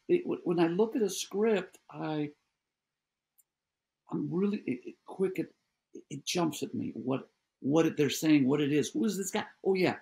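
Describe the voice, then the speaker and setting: An older man, an actor talking as a guest in a casual interview, halting and often restarting his sentences. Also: a little high, gravelly, darkish tone, slightly rough. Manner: halting, many restarts and repeated words.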